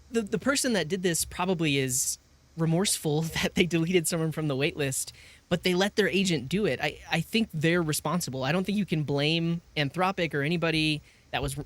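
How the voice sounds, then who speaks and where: A man's voice: fairly high pitch, fairly bright tone. A man co-hosting a tech podcast, explaining his views in an earnest, opinionated way. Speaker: podcast co-host. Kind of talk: casual tech podcast chat.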